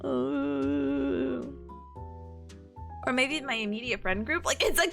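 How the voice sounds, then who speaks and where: Young woman streamer at home on a desk mic, bubbly and rambling, high animated voice. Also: a little slow, vocal fry, long pauses, faint music behind. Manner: bubbly, giggly, rambling storyteller. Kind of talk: casual study stream chat.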